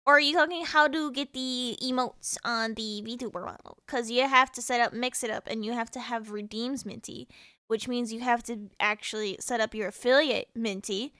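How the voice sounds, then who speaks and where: This VTuber, a young woman from the United States, keeps up a chaotic, playful chat with her viewers during a game stream, frequently laughing and teasing them. Her voice is fairly high, steady, sharp, clear and resonant at a normal pace, captured in studio quality with no echo.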